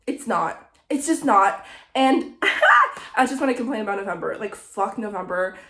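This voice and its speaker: A young woman vlogging a casual, animated rant, a little sick and swearing often. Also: medium pitch, moderate pace, reverberant. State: slightly sick. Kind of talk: casual ranting monologue.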